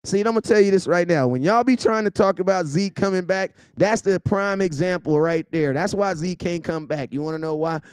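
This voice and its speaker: A young adult man hosting a casual livestream, loudly shouting out viewers by name in slangy talk. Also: high voice, fairly quick, few pauses, clear, resonant tone, no echo, clean studio sound. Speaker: livestream host.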